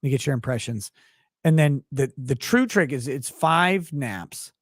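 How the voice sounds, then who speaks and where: A man telling a story as a guest in a casual conversation. He talks in an animated, profane way, laughs often, and sounds tired, yawning as he talks. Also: mid-range voice, measured pace, no room sound, studio quality. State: tired, yawning while talking. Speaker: podcast guest.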